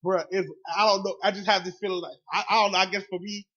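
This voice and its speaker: A man's voice: sits high, little pitch movement, quick pace, pushed and bright. A man with a Southern US accent co-hosting a casual podcast, talking bluntly and profanely and rambling through stories. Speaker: podcast co-host. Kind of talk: casual storytelling chat. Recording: dull lo-fi audio.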